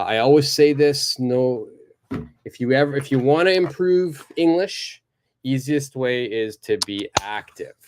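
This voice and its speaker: A man teaching a live online English lesson, encouraging and repeating phrases slowly for learners at his computer. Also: mid-range voice.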